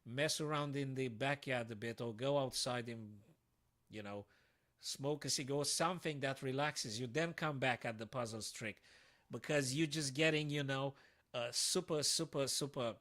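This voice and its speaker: A man streaming live chess puzzles, with a medium-pitched voice. He thinks aloud to his viewers as he works through the moves and keeps breaking into excitable, frustrated outbursts. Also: normal speed.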